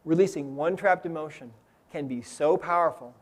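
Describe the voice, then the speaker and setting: A man's voice: fairly high pitch, normal speed. A man giving an inspirational seminar talk, telling a story earnestly and often checking in with the audience. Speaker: seminar speaker. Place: seminar room with live audience.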